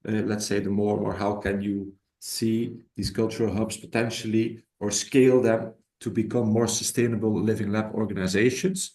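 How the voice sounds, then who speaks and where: A fairly low-voiced man answers a question at an online workshop. He talks hesitantly and repeats words while he works out his point. His voice sits in a roomy, echoing space. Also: little pitch movement, normal speed, hardly any pauses, a little mellow. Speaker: workshop presenter on living labs.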